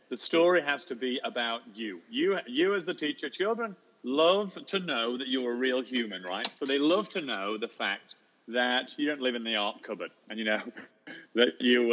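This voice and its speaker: A man, a teacher telling an animated anecdote in an interview, jumping into high voices for the children he quotes. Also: muffled recording. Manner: lively storyteller, acts out children's voices in high pitch. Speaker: teacher and storyteller guest.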